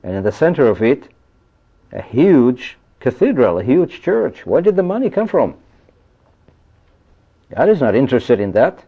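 A male preacher delivers a sermon with emphatic conviction, reading verses and breaking off to drive home his points with rhetorical questions. His voice sits at an ordinary middle pitch. The recording sounds muffled and lo-fi. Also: big pitch swings, moderate pace, long pauses, breathy edge. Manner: emphatic, repeats "you see" and asks rhetorical questions.

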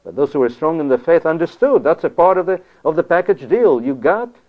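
A man's voice: fairly high pitch, expressive, brisk. A man preaching a sermon in a conversational, emphatic way, often checking in with "you see?". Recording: tinny phone-like sound.

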